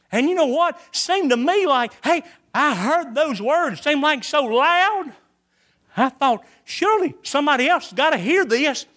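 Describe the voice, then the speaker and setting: A man giving a sermon as a testimony, his voice sitting high and sounding bright and forceful. He tells his story in a folksy, homespun way, circling back to the same phrases for emphasis.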